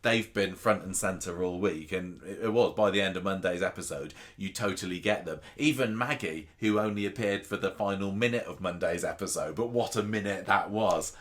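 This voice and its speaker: A man with a notably deep voice chats casually as a podcast co-host. He rambles, restarting his sentences and piling on asides as he goes. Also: moderate pace, hardly any pauses, a bit bright. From England. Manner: chatty, rambling with many restarts. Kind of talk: casual chat about a soap opera.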